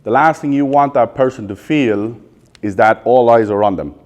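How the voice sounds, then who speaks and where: In a training room before a live audience, an Irish sales trainer in his thirties peppers the crowd with rapid questions and often supplies the answers himself. His mid-pitched voice is slightly mellow, and he speaks bluntly with a fair bit of profanity.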